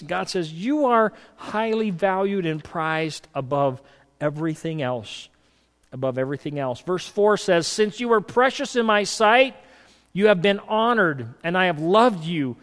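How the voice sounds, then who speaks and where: A man preaching a sermon, moving between a loud reading of scripture and soft, hushed asides, and telling folksy stories in a conversational way. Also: sits high, lively intonation, a little slow, long reverb tail. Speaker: pastor. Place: church hall.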